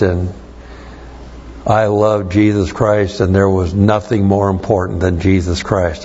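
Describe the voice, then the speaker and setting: Slow, emphatic preacher man. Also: fairly low pitch, a little mellow, dull audio. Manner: slow, emphatic Bible teaching with repeated stresses. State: strained voice, coughing. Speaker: pastor. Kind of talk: sermon.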